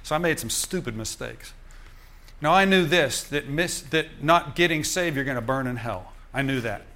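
An older man preaching in a church, telling a personal story to the congregation in lively storytelling fashion with chuckles. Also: medium pitch, normal speed. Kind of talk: sermon testimony.

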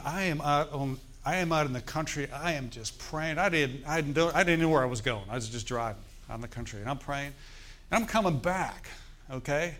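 A middle-aged male pastor, telling a story in a sermon in a conversational, animated way and asking the congregation questions. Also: mid-range voice.

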